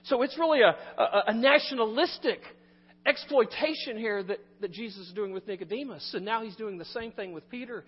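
Man, pastor, sermon, animated loud and soft swings, long church reverb, dull muffled sound. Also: very high-pitched, normal speed, a little hiss or hum. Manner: animated, swings between loud emphasis and quiet asides. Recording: muffled recording in a reverberant hall.

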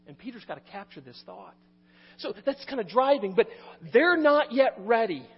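Man, pastor, sermon, animated loud and soft swings, long church reverb, dull muffled sound. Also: very high voice, moderate pace, slightly rough. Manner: animated, swings between loud emphasis and quiet asides. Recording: muffled recording in a reverberant hall.

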